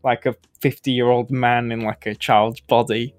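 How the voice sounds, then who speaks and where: A young man co-hosting a podcast, chatty and relaxed, swearing casually. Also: medium pitch, measured pace, no room sound, soft background music. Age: young adult. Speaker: podcast co-host. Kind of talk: casual chat.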